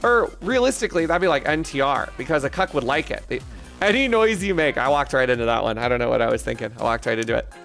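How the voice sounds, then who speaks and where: A man's voice: medium pitch, animated, quick pace, gravelly, a bit bright, faint music behind. A man streaming live, joking crudely and rambling in banter with his chat.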